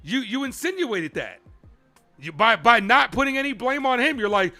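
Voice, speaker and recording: A young man with a strikingly high, bright voice argues with his chat during a live baseball stream and presses viewers for answers. His pitch swings widely as he pushes his point, then he drops back to call the count. Faint music plays behind him. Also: sing-song, normal speed. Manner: calls balls and strikes between rants.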